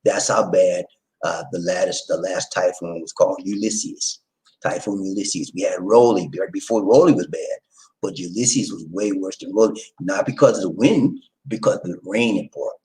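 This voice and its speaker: A man's voice: low voice, normal speed, darkish tone, low-quality recording. A man hosting a casual livestream, chatting with viewers, laughing and giving sing-song introductions. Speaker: livestream host.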